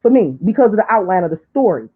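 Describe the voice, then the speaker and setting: A woman talking on a live stream in a preachy, emotional way, dropping low for asides and climbing high when she pleads. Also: big pitch swings, quick pace, husky. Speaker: online commentator. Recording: tinny phone-like line.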